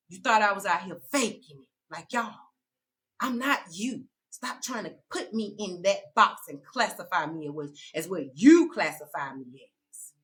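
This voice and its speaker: A woman's voice: medium pitch, fairly bright tone, rough recording. A woman giving a preachy spiritual vlog monologue as a self-described spiritual teacher, sassy and confrontational, repeating lines for emphasis. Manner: sassy, confrontational, slangy and direct.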